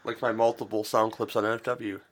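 A man's voice: fairly low pitch, flat delivery, a little fast. A man hosting a podcast, chatting casually, joking and swearing freely. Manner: joking, swears freely, quotes film lines. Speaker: podcast host. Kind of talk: casual chat.

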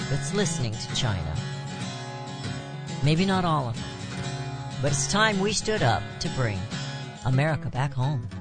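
A woman hosting a talk radio show, delivering an impassioned opinion monologue full of rhetorical questions. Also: sits low.

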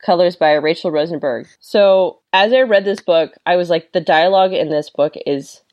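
Woman, low-pitched voice, casual podcast chat, enthusiastic, laughs often. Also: normal speed, darkish tone, dull audio. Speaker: podcast co-host reviewing comics.

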